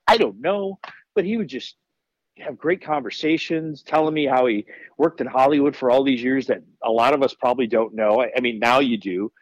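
A wrestler, here as a podcast guest, talks a little fast in a medium-pitched voice, recounting stories casually, candidly, and with profanity, animated throughout. The audio is poor, with no room sound.

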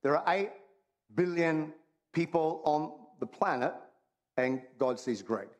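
A man's voice: on the high side, animated, takes it slowly. A man preaching a sermon, talking in a conversational, humorous way and repeating his phrases for emphasis. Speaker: pastor.

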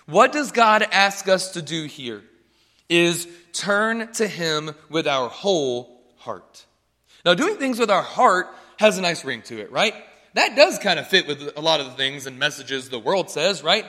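Young pastor, man, bright and a bit high, casual joking sermon, church hall echo. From North Carolina. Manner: chatty, joking, asks "right?" often.

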